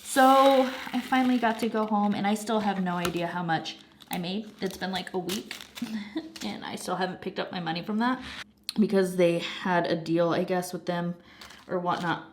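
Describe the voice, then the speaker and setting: A young adult woman chats casually over her craft project. She tells stories in an animated way, laughs often and swears now and then. Her voice is a little snuffly from a lingering cold. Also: lowish voice, a little hiss or hum. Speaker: craft channel host. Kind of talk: casual chat while diamond painting.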